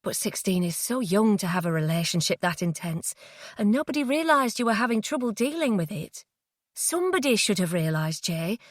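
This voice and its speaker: A woman reading the lines of a frightened young woman who stays tense and tries to talk gently. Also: medium pitch, normal speed, dry recording, clean studio sound. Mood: gentle. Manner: tense, pleading, trying to stay calm.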